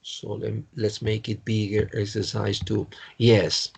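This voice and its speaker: A man's voice: fairly low pitch, level tone, measured pace, creaky, breathy edge. A man teaching an English exam-prep lesson online, a Spanish speaker with a Spanish accent who stops often, repeats himself and corrects his own words.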